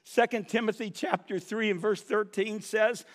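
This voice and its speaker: A middle-aged man preaches in a church sanctuary, his voice sitting high with a steady tone and a moderate pace. The sermon builds toward impassioned cries, lightened by wry asides, and the sound has a long hall reverb.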